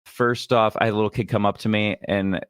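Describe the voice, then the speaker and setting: A young adult man, a comedian guest, telling stories in a casual interview, lively and quick to laugh. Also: on the low side, clear, resonant tone, no echo, studio quality. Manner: animated, laughs often, acts out quoted people.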